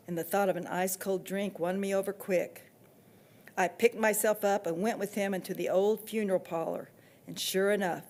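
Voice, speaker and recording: A woman author reading from her own novel with steady, expressive storytelling. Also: medium pitch.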